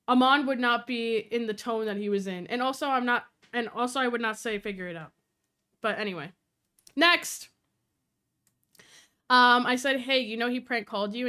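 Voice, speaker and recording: A young woman streamer chatting casually on a live stream, telling stories quickly, swearing, and acting out quoted voices. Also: a little high, bright, forceful tone.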